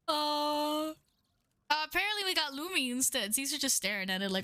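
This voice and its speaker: A young woman streaming live, chatting excitedly with her viewers, swearing and laughing often. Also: high-pitched, slow, long pauses, no room sound, clean studio sound. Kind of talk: casual live-stream chat.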